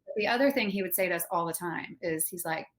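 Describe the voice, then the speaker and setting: Chatty woman with a lowish voice. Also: fast talker, slight background noise. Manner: chatty, laughs easily, many fillers. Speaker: podcast guest, former college swimmer. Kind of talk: casual interview chat.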